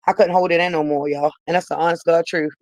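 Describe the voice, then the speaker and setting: A woman's voice: fairly low pitch, steady tone, fast, a little mellow, no room sound, low-quality recording. A woman vlogger telling a personal story straight to her viewers, emphatic and repeating herself for weight.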